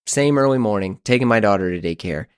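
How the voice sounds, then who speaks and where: A man in his thirties hosting a podcast, telling a story in an animated, exasperated, self-mocking way. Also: fairly low pitch, fast talker, clear, resonant tone, dry recording, studio quality. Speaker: podcast host. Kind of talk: casual storytelling monologue.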